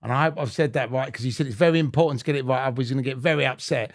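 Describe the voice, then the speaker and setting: A man hosts the podcast in a loose, easygoing way, full of banter and quick laughs. His voice is of middling pitch for a man. The recording is dry and close-miked. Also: no echo. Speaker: podcast host. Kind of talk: casual chat.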